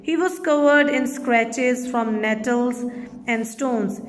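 A woman teacher with a Pakistani English accent giving a recorded reading lesson to children, reading aloud slowly and deliberately. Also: on the high side, long reverb tail.

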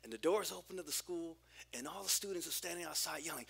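A man in his forties preaching a sermon as a pastor, telling a personal story in an animated way with frequent restarts. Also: fairly high pitch, quick pace, gravelly, slightly rough. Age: 40s.

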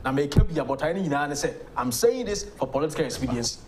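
A man's voice: a little high, lively intonation, rapid-fire, music in the background. A man with a Ghanaian accent, a lawyer arguing his points emphatically as a guest on a political talk show. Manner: emphatic, argumentative. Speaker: legal practitioner guest.

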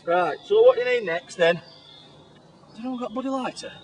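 A man's voice: high voice, normal speed, slight background noise, close to an everyday voice, low-quality recording. An actor playing a blustering, hapless male jungle survival expert, explaining steps in a mock-instructive way and swearing when things fail. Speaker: survival specialist in a comedy sketch. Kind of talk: mock survival-show presentation.

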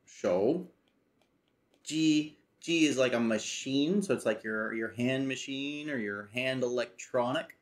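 A man talking casually through a study session, slowly repeating phrases aloud and thinking as he goes. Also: mid-range voice. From United States. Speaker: language learner teaching himself.

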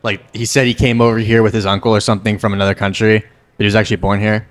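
Low-voiced teasing podcast co-host. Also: male voice, level tone, very fast. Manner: teasing, banters with co-hosts. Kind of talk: casual podcast chat. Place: cigar lounge.

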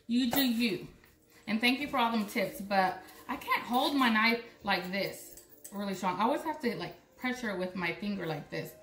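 A woman's voice: medium pitch, moderate pace, a bit bright, echoey room. A young woman from Puerto Rico, chatting and joking with viewers while she chops vegetables in her home kitchen. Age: young adult. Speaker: cooking vlogger. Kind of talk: casual cooking demo.

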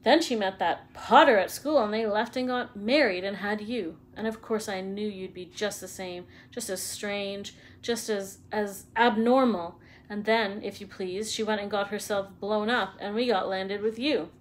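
A woman's voice: mid-range voice, moderate pace, lightly acted. A woman doing a bitter, spiteful aunt. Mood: bitter rant. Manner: spiteful, sneering ranting. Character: bitter resentful middle-aged aunt.

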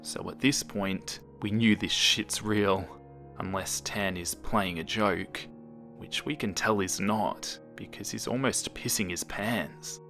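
A man narrating a creepypasta horror story in a slow, hushed manner that sometimes drops to a whisper. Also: fairly low pitch, gravelly, faint music behind.

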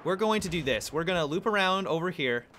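Young male gamer, lively jokey play-by-play with high yelps, faint gunfire behind. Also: a little fast, a little hiss or hum. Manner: excitable, laughing, joking, sudden high squeals of surprise. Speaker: gameplay commentator. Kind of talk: casual gameplay commentary.

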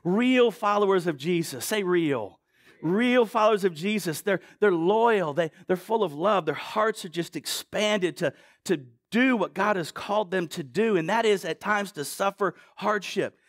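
A man's voice: high voice, fairly bright tone, no echo, clean studio sound. A middle-aged man preaching a sermon in a conversational way, often putting questions to the congregation. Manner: conversational, asks the crowd questions, quick asides.

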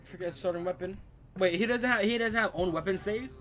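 A young man streaming gameplay live, trash-talking opponents excitably and calling everyone bro and dude. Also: sits high, fairly quick. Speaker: gaming streamer.

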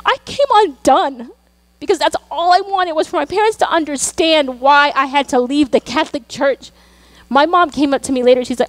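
A woman's voice: high voice, normal speed, no echo. A woman pastor, preaching a sermon in earnest, personal storytelling with emphatic asides. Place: church.

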